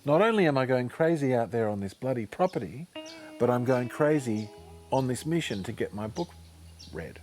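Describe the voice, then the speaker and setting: Man telling a story haltingly. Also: mid-range voice, lively intonation, darkish tone, soft background music. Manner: halting, repeats words and restarts sentences. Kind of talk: personal storytelling monologue.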